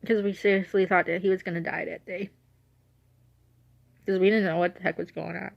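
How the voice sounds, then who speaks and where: A woman's voice: lowish voice, fairly even intonation, fairly quick, vocal fry, highs cut off. A young woman talking casually in a rambling, self-correcting way on her vlog, emotional as she remembers her late dog. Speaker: vlogger.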